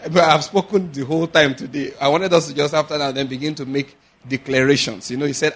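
A man preaching a sermon, animated, acting out little dialogues and slowing to a measured chant on scripture. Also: fairly high pitch, slightly rough. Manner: animated, acts out little dialogues and laughs often. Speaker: pastor.

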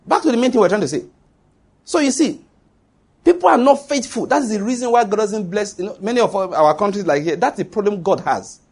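Male preacher, middle-aged, emphatic, higher voice with a husky edge. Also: expressive, a little fast, a little mellow. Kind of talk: sermon.

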